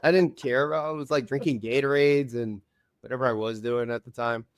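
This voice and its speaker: A man's voice: medium pitch, fairly even intonation, fairly quick, no echo, studio quality. A man talking as a guest on a podcast, telling stories in an earnest, rambling way with lots of fillers. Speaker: reality show contestant and podcast guest. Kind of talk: casual chat.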